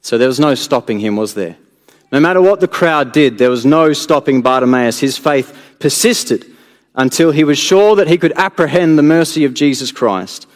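A man preaching a sermon in an earnest way, building to emphatic peaks and then dropping low and soft. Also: moderate pace. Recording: long hall reverb.

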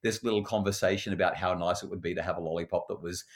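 Animated Australian man, lowish voice. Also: fast talker. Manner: animated, acts out quoted voices, repeats words when starting sentences. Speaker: parenting educator. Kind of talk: conversational storytelling.

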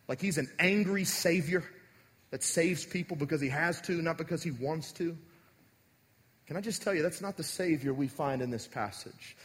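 A man preaching a sermon as pastor, talking directly and conversationally to his congregation. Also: medium pitch. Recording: echoey hall.

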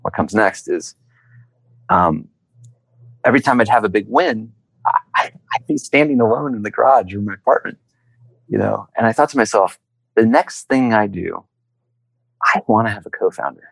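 An entrepreneur being interviewed tells his story in a conversational, animated manner, acting out the voices he quotes. His voice sits fairly low with vocal fry and a breathy edge, at normal speed with frequent pauses. The recording is dry and rough.

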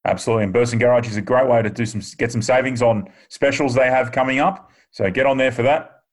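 A man's voice: medium pitch, fast talker. A man with an Australian accent hosting a casual podcast, laid-back and matey. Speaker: podcast host.

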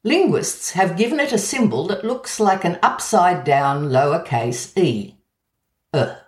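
A woman with an Australian accent reading a measured, gently wry scripted essay about language. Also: on the low side, animated. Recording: roomy echo.

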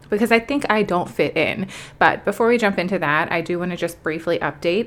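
A woman's voice: on the low side, a bit bright. A young adult woman hosting her own podcast, talking casually and with heartfelt emotion. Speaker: podcast host. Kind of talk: casual solo podcast talk.

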